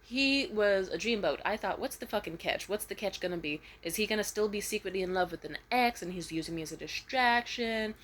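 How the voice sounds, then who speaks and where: A young woman tells a storytime vlog in a bright, lively voice, swearing freely and leaping into high, loud tones whenever she quotes someone. She talks into a phone camera at home, with a faint hum of room ambience behind her. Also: a little fast, few pauses. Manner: animated, profane, jumps into high voices when quoting. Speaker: vlogger. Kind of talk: casual storytime rant.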